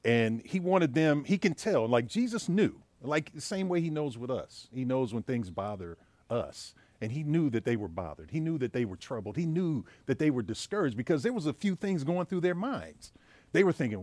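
Man, pastor, sermon, conversational storytelling, lively intonation, dry close sound. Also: mid-range voice, normal speed, no echo. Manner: storytelling, conversational preaching with a joke. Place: church.

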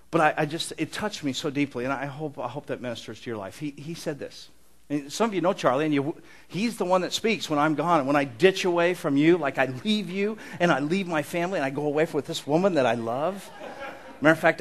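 A middle-aged man preaching a sermon in an earnest, conversational way with touches of humor. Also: on the high side. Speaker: pastor.

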